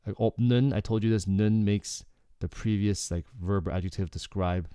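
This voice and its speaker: Low-voiced man explaining Korean casually. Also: fast, smooth, no room sound, studio quality. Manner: relaxed, explanatory, frequent "okay" and "like". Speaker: Korean language teacher. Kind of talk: casual lyrics breakdown lesson.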